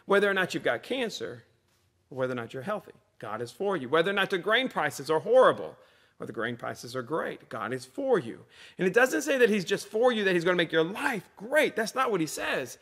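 A man's voice: high voice, big pitch swings, a little fast, fairly bright tone. A man, a pastor giving a conversational sermon with repeated refrains.

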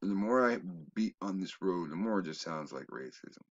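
A man talking in a rambling, casual monologue that drops to low mutters and jumps to loud exclamations. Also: animated, moderate pace, lo-fi sound. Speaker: video commentator.

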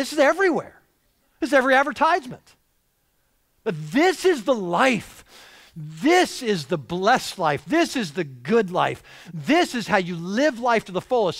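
Animated high-voiced preaching man. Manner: animated, voices quotes with rising emphasis and repeated restarts. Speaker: pastor. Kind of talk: sermon. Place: church sanctuary.

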